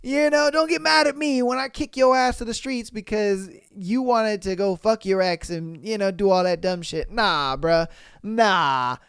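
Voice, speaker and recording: Man hosting a podcast with a blunt, profane delivery. Smooth voice, close and dry. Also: high-pitched, a little slow, fairly bright tone, no echo. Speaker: podcast host. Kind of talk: reading listener stories with commentary.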